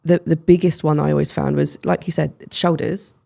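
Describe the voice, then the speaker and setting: Gravelly-voiced woman host. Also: low voice, fairly even intonation, normal speed. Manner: warm, affirming listener who explains with hesitant restarts. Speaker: podcast host. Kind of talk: casual podcast conversation.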